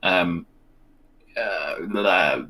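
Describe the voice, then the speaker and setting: A low-voiced man talks through a football match live with a friend. He rambles with fillers and chuckles between calls of the play. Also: very slow, sharp tone. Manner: chatty, rambling, with fillers and laughs. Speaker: co-host of a match watch-along.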